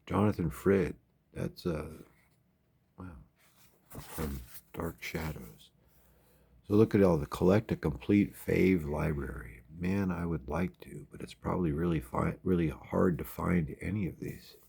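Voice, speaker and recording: A man's voice: low voice, a little slow, creaky, mellow, slightly rough. A man giving rambling, wry late-night commentary at home as a vlogger. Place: home at night, windows open.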